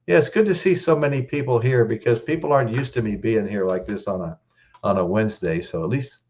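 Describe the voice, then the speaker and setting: A man's voice: mid-range voice, vocal fry, highs cut off. A man hosting a casual live stream, choked up, greeting viewers in the chat by name and often restarting his sentences.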